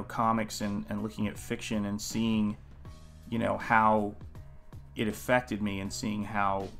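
A man's voice: fairly low pitch, a bit bright. A man hosting a live painting stream, talking in a casual, earnest, musing way and greeting viewers in the chat by name.

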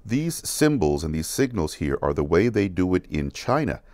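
A man teaching children a counting song, going slowly and repeating each word so they can follow. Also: sits low, sing-song, a little mellow, no echo. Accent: American. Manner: repeats words slowly, asks questions to check along. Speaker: music teacher. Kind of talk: slow, patient lesson for kids.

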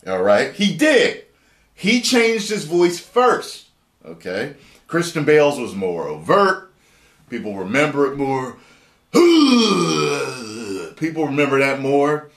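A man giving excited, profane, rambling video commentary and reading an article aloud. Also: on the high side, slow. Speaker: YouTube commentator. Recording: roomy echo.

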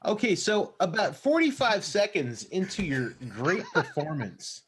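A man's voice: high voice, very animated, unhurried, a bit bright, a little hiss or hum. A man narrating as the dungeon master of a tabletop game, loose and laughing, with many restarts.

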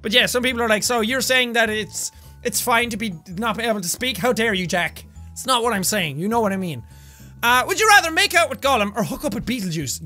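A young man with an Irish accent, talking straight to his audience as a gaming YouTuber in an energetic, rambling way, breaking into bursts of yelling. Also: sits high. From Ireland. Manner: animated, loud bursts of yelling, rambling asides. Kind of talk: energetic casual commentary to camera.

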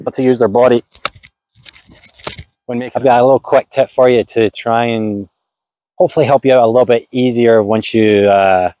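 A man's voice: mid-range voice, fairly even intonation, normal speed, pauses often, warm tone. A man teaching golf on camera, joking as he stumbles over his lines and keeps restarting his takes. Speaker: golf instructor. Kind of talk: flubbed on-camera takes for a golf tip video.

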